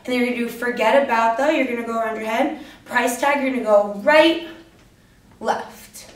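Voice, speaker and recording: Young woman, fairly high voice, dance instructor, roomy echo, distant. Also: moderate pace. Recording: echoey hall, voice from far off.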